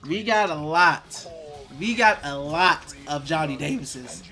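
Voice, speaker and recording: A man's voice: a little high, animated, slow pace, bright, forceful tone, soft background music. A man hosting a live draft watch party, restless and nervous, chatting with viewers and reading their comments aloud. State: nervous and excited. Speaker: live stream host.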